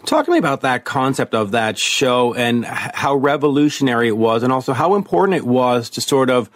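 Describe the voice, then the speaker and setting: A man's voice: medium pitch, sing-song, a little fast, no room sound, clean studio sound. A man hosting an interview, asking long looping questions while losing his voice. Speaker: interviewer, host.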